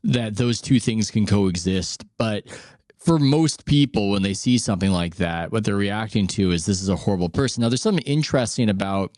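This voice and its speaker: A man hosting a casual talk show, measured, thinking aloud and raising questions. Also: on the low side, lively intonation, darkish tone, no room sound, clean studio sound. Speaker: podcast host. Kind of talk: casual conversation.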